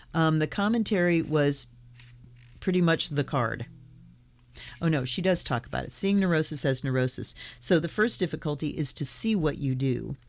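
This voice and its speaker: A middle-aged woman giving a casual, gentle spiritual teaching talk, conversational and now and then acting out inner voices playfully. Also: sits low. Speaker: tarot and Buddhism video host.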